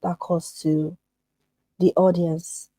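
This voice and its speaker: Emphatic woman therapist, mellow husky tone. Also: lowish voice, level tone, takes it slowly, no echo, rough recording. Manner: emphatic, acts out quoted voices. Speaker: therapist and podcast guest. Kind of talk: earnest podcast conversation.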